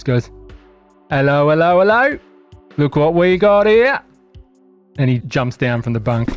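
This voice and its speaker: A man's voice: medium pitch, darkish tone. Game master guy, easygoing narrating, faint music under it.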